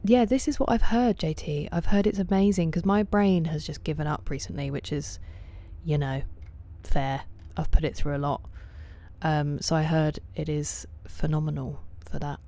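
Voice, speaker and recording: Woman game streamer, low mellow voice, chatty with chat, goes soft and whispery a lot. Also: normal speed. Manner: chatty, greets and answers chat by name, often drops to soft near-whispers. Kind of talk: casual live-stream chat while gaming.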